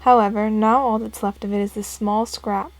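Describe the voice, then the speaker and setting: A woman's voice: medium pitch, fairly even intonation, moderate pace, faint music behind, close to an everyday voice. A woman voicing a formal, courteous older male butler in a video game. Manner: courteous, stiff.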